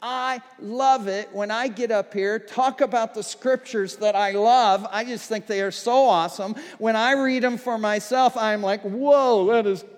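High-voiced pastor in a reverberant hall. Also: male voice, fairly even intonation, measured pace, few pauses. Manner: conversational, builds to fervent shouting. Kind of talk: sermon. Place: church auditorium. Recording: long reverb of a church hall.

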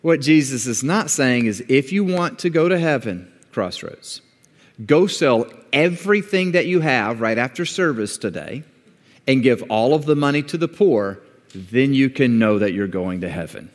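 Male pastor preaching in a reverberant hall. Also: normal speed. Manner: builds from calm teaching to high-pitched shouting emphasis. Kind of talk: sermon. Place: church sanctuary. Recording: long reverb of a large hall.

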